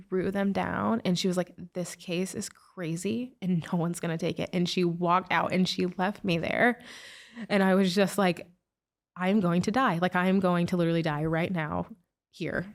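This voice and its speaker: Gravelly low-voiced woman telling her story. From United States. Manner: emotional, recounting with many "like" fillers. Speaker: guest, author and speaker. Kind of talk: personal storytelling in an interview.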